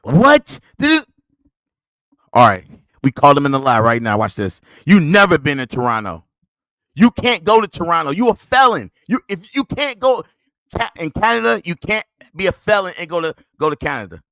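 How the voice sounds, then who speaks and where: High, lively, mocking podcast host man. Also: normal speed, no echo. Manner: mocking, scolding, laughs at the other man. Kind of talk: heated commentary on a played clip.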